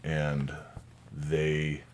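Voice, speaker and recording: A man's voice: rumbling low, completely flat delivery, drawn-out words, slight background noise. A man co-hosting a podcast in casual chat over drinks, with dry, teasing humor. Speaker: podcast co-host.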